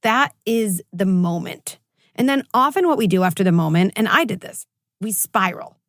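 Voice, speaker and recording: A woman clinical psychologist in her forties, talking as a guest in an interview and telling stories with lively quoted voices. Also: medium pitch, moderate pace, no echo, studio quality. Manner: animated storytelling, acts out quoted voices. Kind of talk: conversational interview.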